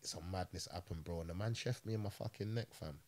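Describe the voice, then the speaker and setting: A man's voice: low voice, a little fast, a little mellow. A man, an ex-prisoner hosting a podcast, telling stories in casual slang, swearing often. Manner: slangy, swearing, frequent "you get me". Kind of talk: casual storytelling chat.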